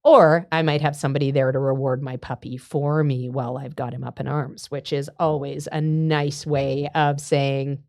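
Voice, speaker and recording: A woman co-hosting a podcast, explaining dog training in a relaxed, conversational way. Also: rumbling low, moderate pace, few pauses, no room sound, clean studio sound.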